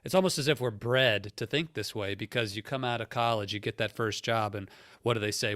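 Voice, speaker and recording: A man's voice: medium pitch, moderate pace, fairly bright tone, no echo. Earnest male podcast host, dry sound. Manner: earnest and reflective, explains points step by step. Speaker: podcast host, career coach. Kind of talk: conversational coaching talk.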